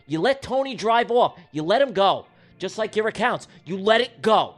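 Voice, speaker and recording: A man hosting a trading livestream who talks straight to his viewers in a profane, animated storytelling way. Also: high voice, normal speed, soft background music. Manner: talks directly to the audience. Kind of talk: livestream chat.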